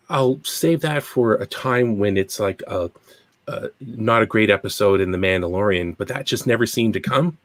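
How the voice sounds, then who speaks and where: Low-voiced Canadian podcast host. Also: male voice, no room sound. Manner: rambling, chatty, self-deprecating. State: recovering from a cold. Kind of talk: casual podcast chat.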